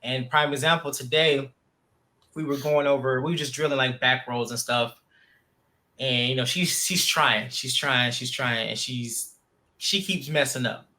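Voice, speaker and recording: Animated, bright-voiced podcast host. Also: male voice, mid-range voice, a little slow. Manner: animated storyteller, lots of fillers. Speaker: podcast host, jiu-jitsu instructor. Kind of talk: casual conversation.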